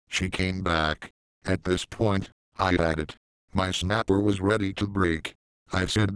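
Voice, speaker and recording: Deep, flat-voiced man reading a story. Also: unhurried, clear, resonant tone, dry recording, low-quality recording. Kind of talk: reading a first-person story aloud.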